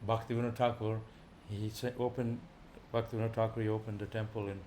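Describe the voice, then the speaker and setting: Visiting speaker, male, energetic informal class, light background noise. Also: fairly low pitch, quick pace. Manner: animated, rising loud for emphasis, chuckling.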